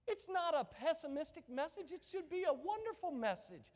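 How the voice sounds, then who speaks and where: Preacher guy, really high voice, gets worked up and shouts, big echoey church. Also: very animated, normal speed, hardly any pauses. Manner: impassioned preaching, rising to shouts. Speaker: pastor. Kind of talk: sermon. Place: church sanctuary.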